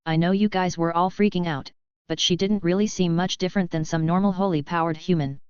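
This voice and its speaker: A woman's voice: on the low side, steady tone, brisk, darkish tone, clean tone, dry recording. A woman narrating a novel in the first person, with a casual, snarky manner. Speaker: audiobook narrator. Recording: dull lo-fi audio.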